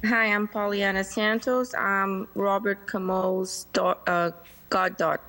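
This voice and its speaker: A woman testifying remotely at a town hearing on behalf of a relative, hesitant with many pauses and fillers. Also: medium pitch, level tone, a bit bright, poor audio. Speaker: applicant representative. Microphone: remote video call.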